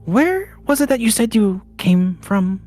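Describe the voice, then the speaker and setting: A man's voice: high-pitched, big pitch swings, unhurried, darkish tone, faint music behind, voice pushed up. A man voicing a sly, probing old witch who purrs and whispers her words and talks down to others. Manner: whispery, purring and condescending.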